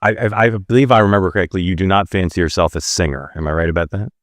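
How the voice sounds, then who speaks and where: A man hosting an interview show, asking questions in a casual, halting way with frequent restarts. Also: sits low, no echo, studio quality. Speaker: host.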